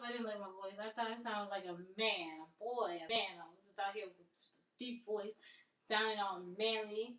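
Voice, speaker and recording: Woman, live-stream chat, rambling, self-amused, mid pitch, echoey room, distant mic. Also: steady tone, normal speed, a bit bright, a little hiss or hum. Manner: chatty, self-amused, laughs at own jokes.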